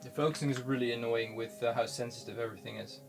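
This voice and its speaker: Man, gravelly voice, rambling with restarts, home studio, soft music behind. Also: medium pitch, fairly even intonation. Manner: rambling, halting, many restarts. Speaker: pigment maker filming his studio work. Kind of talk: casual unscripted commentary.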